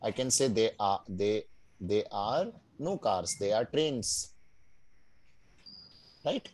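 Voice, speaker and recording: A man teaching a beginners' German class. He explains patiently, drills words slowly and keeps checking in with his students. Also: fairly low pitch, expressive, a little mellow, rough recording. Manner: patient, checks in often with "right?" and "no?"; drills pronunciation slowly, word by word. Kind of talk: live online language class.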